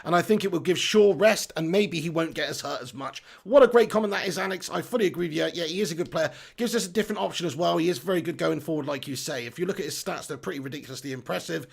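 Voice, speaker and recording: A man's voice: on the high side, fast, creaky, hardly any pauses. A man hosting a football live stream, reading out chat comments in an upbeat, chatty way and laughing at himself.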